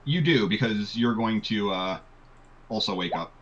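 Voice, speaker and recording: Man, game master, low voice, relaxed, frequent ums, muffled lo-fi audio. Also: a little slow, very noisy. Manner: relaxed, lots of ums and uhs. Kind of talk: running a tabletop game, casual.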